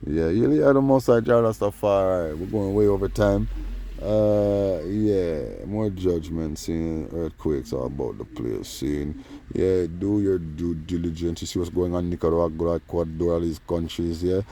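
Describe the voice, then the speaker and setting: Deep-voiced man rambling to camera. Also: moderate pace, a little hiss or hum. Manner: rambling, repeats "man" and "yeah", drifts between low mutters and loud bursts. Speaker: channel host. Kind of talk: rambling casual monologue.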